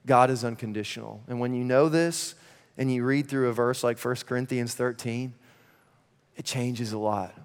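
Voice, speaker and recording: A man preaching a sermon in church, conversational and energetic with laughing asides. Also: mid-range voice, normal speed, clean tone. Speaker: pastor. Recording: long reverb of a large hall.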